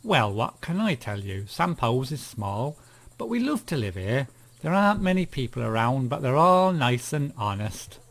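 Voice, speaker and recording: A man's voice: medium pitch, big pitch swings, normal speed, a bit bright. A man voicing a friendly, contented village farmer in a game, with a put-on rustic country accent and a drawl. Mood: homely.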